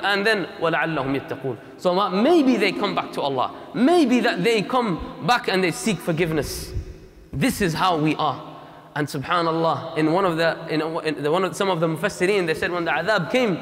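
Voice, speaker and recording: A man's voice: sits high, a bit bright. A man giving a Friday sermon in a mosque, impassioned and emphatic, repeating key lines and mixing in Arabic phrases. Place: mosque prayer hall. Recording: long reverb of a mosque hall.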